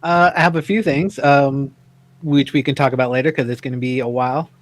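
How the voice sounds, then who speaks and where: A man's voice: mid-range voice, fairly even intonation, fairly quick, dry recording. A man co-hosting a talk radio show, chatting casually and answering briefly and a little unsure.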